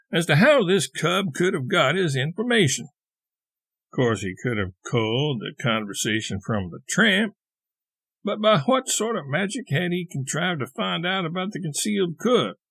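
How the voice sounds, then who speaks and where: A man reading a classic short story aloud as an audiobook narrator, with a measured, even delivery. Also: fairly high pitch, slightly rough, no echo. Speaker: audiobook reader.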